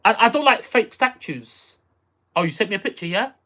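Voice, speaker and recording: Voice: medium pitch, expressive, normal speed, sharp tone. A streamer chatting casually with viewers on a live stream, rambling, repeating phrases and trailing off while searching for words. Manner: reacts aloud to viewer messages. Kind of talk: casual livestream chat with viewers.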